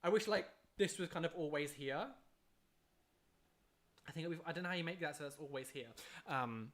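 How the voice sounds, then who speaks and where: A live streamer in casual chat, reading and answering viewer questions, chatty and excitable, humming little tunes between answers. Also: mid-range voice, moderate pace. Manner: chatty and excitable, hums filler tunes, laughs often.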